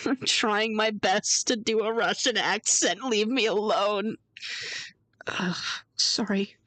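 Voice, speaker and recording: Slow-talking playful woman streamer. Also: mid-range voice, a bit bright. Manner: playful, chatty. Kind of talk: let's play commentary.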